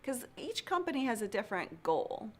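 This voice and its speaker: A woman hosting a casual livestream interview over a video call, enthusiastic and quick to laugh. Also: on the high side, sing-song. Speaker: livestream host.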